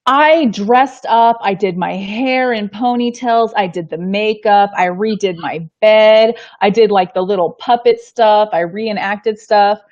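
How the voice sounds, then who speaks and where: A woman's voice: mid-range voice, measured pace, few pauses, darkish tone, muffled recording. A woman co-hosting a casual live-stream chat, talkative and teasing, with lots of fillers. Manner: chatty and teasing, with frequent laughs and fillers. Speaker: co-host.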